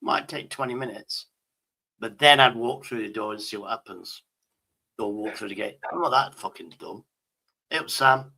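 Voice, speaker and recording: Gravelly British man swearing as he rambles. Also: mid-range voice, moderate pace, sharp tone, low-quality recording. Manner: swears constantly, rambling anecdotes. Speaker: stream host. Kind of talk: crude casual banter.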